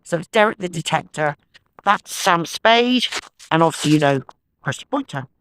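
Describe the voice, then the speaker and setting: A man's voice: fairly high pitch, lively intonation, normal speed, fairly bright tone, a little hiss or hum. A man with a chatty, enthusiastic manner, talking to himself and the viewers while metal detecting in a sloping farm field. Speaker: metal detecting channel host. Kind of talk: casual outdoor vlog chat.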